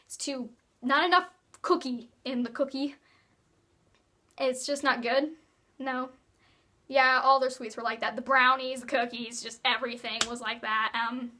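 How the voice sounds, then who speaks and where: A woman's voice: sits high, bright, forceful tone. A teenage girl chatting casually in a vlog, rambling and giggly, with playful asides. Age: teens. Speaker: vlogger.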